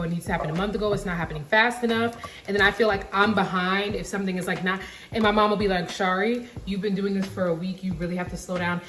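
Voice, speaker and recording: Chatty young woman in an echoey kitchen. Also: medium pitch. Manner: rambling, candid, lots of "like" fillers. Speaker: cooking vlogger. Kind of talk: casual chat while cooking. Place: home kitchen.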